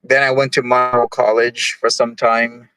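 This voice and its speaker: A man's voice: mid-range voice, level tone, normal speed, bright, forceful tone, clean tone, no echo, poor audio. A young man from Jamaica hosting a livestream, chatting casually and reading chat messages in a rambling, easygoing way. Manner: rambling, easygoing, many fillers. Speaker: livestream host.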